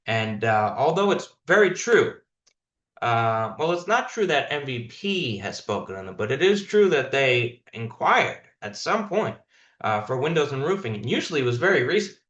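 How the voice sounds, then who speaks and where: A man's voice: mid-range voice, fairly bright tone, reverberant, dull audio. Emphatic man coaching a sales team. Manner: emphatic, instructive, demonstrates call lines.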